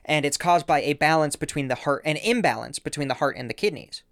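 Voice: medium pitch, fast talker, fairly bright tone, no echo, studio quality. A podcast co-host explaining research in a casual, playful chat, laughing often and making joking asides.

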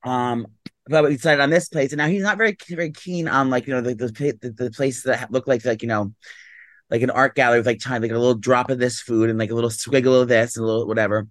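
Fast-talking and fairly even in intonation, a medium-pitched man co-hosts a casual podcast recorded with no room sound. He sounds freshly woken and yawns, rambling along with plenty of "um" and "like."

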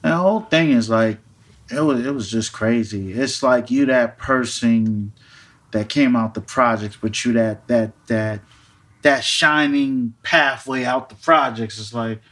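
A man, a guest on a podcast, chatting casually in relaxed street slang and repeating himself as he goes. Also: medium pitch, measured pace. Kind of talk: casual chat.

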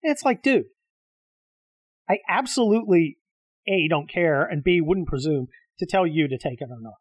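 Hosting his own show, a middle-aged man with a fairly high, expressive voice delivers a solo rant at a moderate pace, with no echo. He's combative, exasperated and profane throughout.

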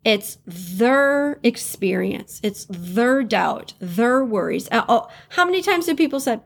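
A woman's voice: on the high side, expressive, slow pace, vocal fry, few pauses. A woman hosting a motivational podcast on her own, talking in a candid, blunt way, acting out what other people say and laughing often. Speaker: podcast host. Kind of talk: motivational solo podcast talk.

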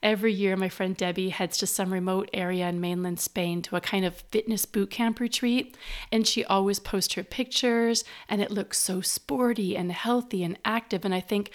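A woman's voice: mid-range voice, steady tone, normal speed. A woman hosting her own podcast, talking alone in a reflective, upbeat and personal way while she is congested with a cold. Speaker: podcast host. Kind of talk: solo podcast monologue.

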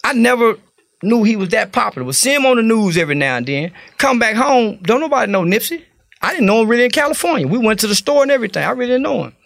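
Gravelly texas dude, preachy and cussing a lot, kinda high voice. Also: male voice, big pitch swings, fast, fairly bright tone, no room sound. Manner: blunt, profane, preacher-like storytelling. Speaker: podcast guest. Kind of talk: casual interview talk.

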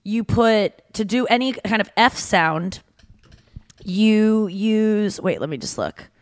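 Female podcast co-host, mid pitch, loose chatty delivery, reads trivia aloud. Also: lively intonation, takes it slowly. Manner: chatty, reading out fun facts and posts. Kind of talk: casual podcast chat.

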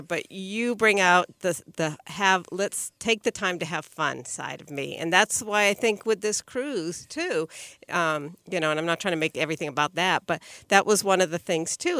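A woman co-hosting a podcast, chatting affectionately and warmly. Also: lowish voice, moderate pace, no room sound, clean studio sound. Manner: warm, affectionate, many awws and laughs. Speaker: podcast co-host. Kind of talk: casual podcast chat.

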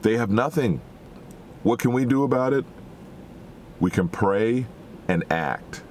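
A man's voice: medium pitch, expressive, measured pace, darkish tone, slight background noise. A man preaching a sermon in an earnest, exhorting way, full of rhetorical questions.

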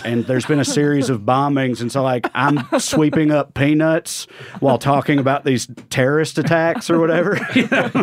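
A man's voice: medium pitch, no room sound, studio quality. A man with a Tennessee Southern accent, a guest comedian chatting on a podcast, telling stories in a wry, self-deprecating way. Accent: East Tennessee Southern. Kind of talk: casual podcast chat.

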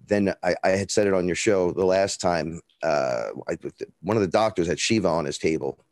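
A man's voice: low voice, moderate pace, darkish tone, dry recording. A man with a Bronx accent, a guest in an interview, telling a rambling story bluntly and with swearing, acting out what people said. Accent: New York (Bronx). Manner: rambling, blunt and profane, acts out dialogue.

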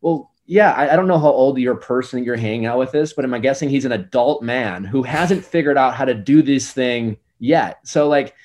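A man's voice: mid-range voice, moderate pace, few pauses, darkish tone. A man in his forties giving relationship advice in a casual podcast chat, rambling and earnest with many fillers. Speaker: dating advice guest.

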